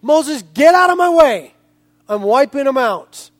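A man preaching voices a fed-up male God who talks in a blunt, offhand, slangy manner. The voice sits very high for a man. The sound is close and dry, with no room echo. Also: brisk, close to an everyday voice. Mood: angry. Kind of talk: sermon.

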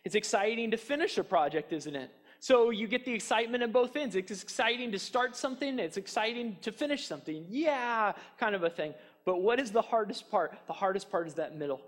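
High-voiced male pastor preaching casually. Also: expressive, fairly quick, hardly any pauses, long reverb tail. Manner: conversational preaching with rhetorical questions; frequent fillers like "kind of a thing". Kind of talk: sermon.

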